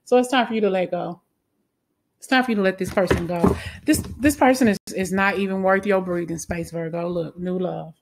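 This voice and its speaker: A woman's voice: lowish voice, a little fast. A woman giving a casual tarot reading, talking bluntly, swearing freely and often ending lines with "okay?". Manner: blunt, swears freely, flares into angry outbursts; frequent "okay?" tag questions. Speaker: tarot reader.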